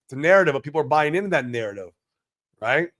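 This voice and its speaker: A man's voice: a little high, animated, fast talker. Brash, profane man hosting a crypto stream. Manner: brash, profane, swings between loud hype and mumbling asides. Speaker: crypto livestream host. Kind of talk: casual livestream chat reading comments.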